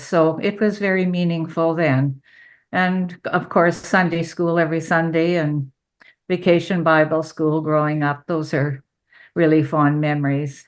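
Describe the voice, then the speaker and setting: Woman, low-pitched, slow, halting, thoughtful church group member.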